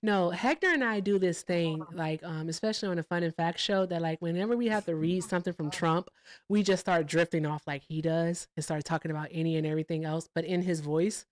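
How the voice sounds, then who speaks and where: A woman's voice: fairly low pitch, a little fast. A woman in her late fifties hosting a live stream, chatting playfully and laughing with guests. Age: 50s. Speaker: livestream host. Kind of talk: casual chat.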